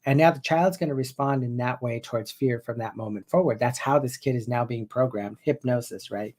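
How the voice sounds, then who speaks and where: A man's voice: medium pitch, brisk, a little mellow. A man in his fifties, a hypnotherapist, teaching viewers in a loose, conversational way and often restarting his sentences. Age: 50s. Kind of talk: casual spoken teaching to viewers.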